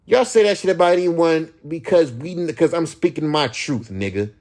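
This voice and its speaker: A man rants on his own podcast, heated and profane. His voice sits a little high for a man and swings widely in pitch. He mocks the people he is talking about by mimicking them. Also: darkish tone. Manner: imitates critics in a higher voice. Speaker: rapper and podcast host. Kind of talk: ranting solo podcast.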